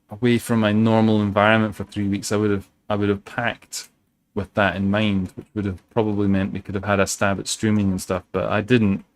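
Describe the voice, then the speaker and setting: Male streamer, low voice, rambling and sweary, casual play commentary from home. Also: flat delivery, brisk. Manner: rambling, sweary, many fillers and restarts. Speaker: game streamer.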